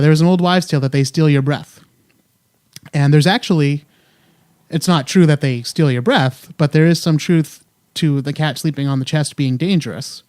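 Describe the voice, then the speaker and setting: A man's voice: on the high side, darkish tone, no room sound, clean studio sound. A young man hosting a podcast in casual chat, joking and rambling with many fillers. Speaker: podcast host. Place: home room.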